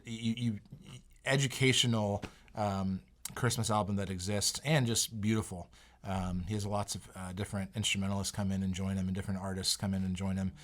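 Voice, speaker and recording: Male pastor co-host, lowish voice, easygoing and halting, wrapping up with recommendations. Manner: relaxed, hesitant, lots of "um" and "I mean". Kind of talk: casual podcast talk.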